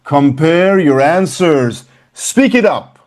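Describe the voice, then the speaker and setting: Slow, lively-voiced male English teacher. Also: on the high side. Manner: slow, emphatic, repeats words for learners. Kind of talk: classroom lesson.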